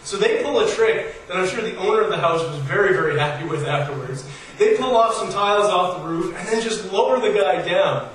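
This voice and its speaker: A pastor preaching a sermon. He tells stories in a casual, conversational way and pushes his emphasis higher as he builds each point. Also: expressive, fairly quick, few pauses, a bit bright. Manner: storytelling, conversational with rising emphasis. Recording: very echoey hall, voice from far off, faint noise.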